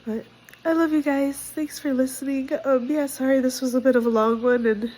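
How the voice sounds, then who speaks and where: A woman's voice: sits high, fairly even intonation, moderate pace, a little mellow, rough recording. A young woman vlogging casually about her life, candid and direct, emotional and sick with a cold. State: sick, congested. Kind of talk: casual personal vlog.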